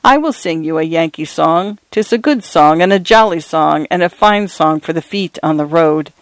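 Stern, proud blind old soldier, grave and measured, with a smooth, resonant tone, played by a male narrator; storybook. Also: fairly high pitch, expressive, no room sound. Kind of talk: storybook character voice.

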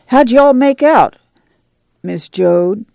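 A woman's voice: fairly high pitch, expressive, drawn-out words, vocal fry, mellow, no room sound, pitched above the performer's own voice, heavily acted. A woman reading an audiobook and voicing a stout, nosy neighbor woman in middle age who chats in a folksy way.

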